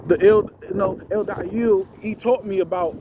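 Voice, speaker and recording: A man's voice: high voice, measured pace, narrow, tinny audio, noisy background. A man telling a spiritual testimony in a casual, slangy way, calling his listeners bro. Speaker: storyteller giving a spiritual testimony.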